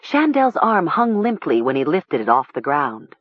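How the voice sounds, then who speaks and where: A woman narrating an audiobook in a measured, expressive way. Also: deep voice, slightly rough, no echo, phone-quality sound.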